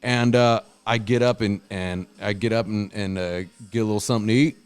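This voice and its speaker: A man hosting a podcast, telling stories in casual chat, swearing a lot and loudly acting out what people said. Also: lowish voice, fairly even intonation, fairly quick, clear, resonant tone. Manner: profane, storytelling, acts out quotes loudly. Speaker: podcast host.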